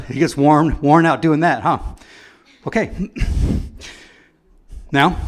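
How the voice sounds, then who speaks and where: A man at an open mic doing stand-up, setting up short animal impression bits and clearing his throat between them. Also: on the high side.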